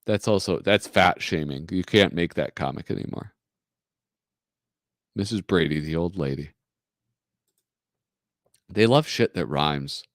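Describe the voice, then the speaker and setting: A man hosting a live stream, reading comics aloud in an animated, joking way and laughing often. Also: deep voice, unhurried, long pauses, no echo, studio quality. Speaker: host.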